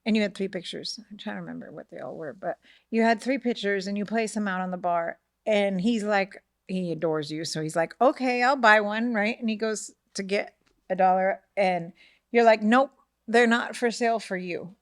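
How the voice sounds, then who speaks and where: A middle-aged woman telling a family story in casual podcast chat, animated, acting out the voices of the people in it and often asking "right?". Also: mid-range voice, normal speed, no room sound, clean studio sound. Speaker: podcast co-host, mother of the host.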